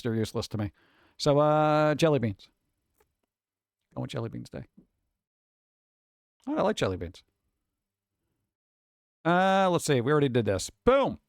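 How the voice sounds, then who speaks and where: A man streaming live from home who talks casually and rambles from one thought to the next. His pitch is a bit high for a man, and it swoops widely as he riffs. The sound is dry and close, with no room echo. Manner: rambling, offhand, reads list items aloud and riffs on them.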